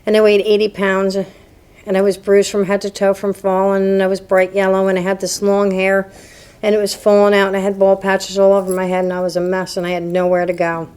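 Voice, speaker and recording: A woman's voice: medium pitch, monotone, fairly quick, darkish tone, clean tone. A woman from New Jersey giving a candid, self-deprecating personal testimony to a recovery meeting, laughing at her own past. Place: meeting hall before a live group.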